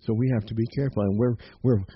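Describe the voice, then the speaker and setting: Man preaching a lively sermon. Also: on the low side, quick pace. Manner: lively, repeats "Amen", chuckles between points. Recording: dull lo-fi recording with faint noise.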